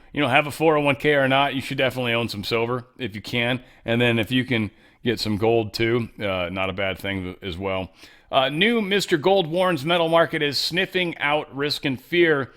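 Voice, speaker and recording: A man hosting a commentary show, talking casually with sarcastic jokes, restarts and fillers. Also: mid-range voice. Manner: animated, joking asides, sarcastic, frequent fillers and restarts. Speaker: political commentary show host.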